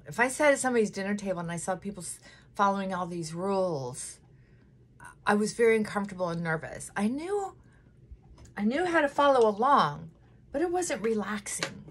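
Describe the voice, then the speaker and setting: A woman's voice: medium pitch, animated, moderate pace, long pauses, breathy edge. A middle-aged woman chatting emotionally and candidly while doing her makeup at home, close to tears at times. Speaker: vlogger.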